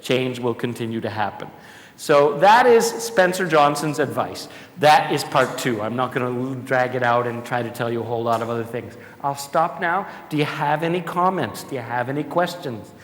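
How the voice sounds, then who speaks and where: A man giving an animated, jokey conference talk and addressing the audience directly. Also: mid-range voice, normal speed. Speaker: conference speaker. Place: large conference hall. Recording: echoey hall with long reverb.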